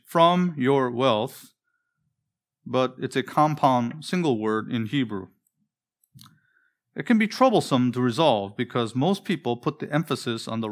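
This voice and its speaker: A male pastor delivering a sermon with earnest conviction. He slows down and stretches important phrases for weight and keeps turning to his listeners with pointed questions. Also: mid-range voice. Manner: earnest, preacherly, with drawn-out emphatic phrases; asks the congregation direct questions.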